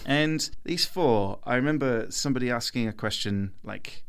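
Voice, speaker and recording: A man's voice: mid-range voice, lively intonation, quick pace, hardly any pauses, fairly bright tone, clean tone. A man in his thirties, a podcast guest, telling a story casually and animatedly, laughing often.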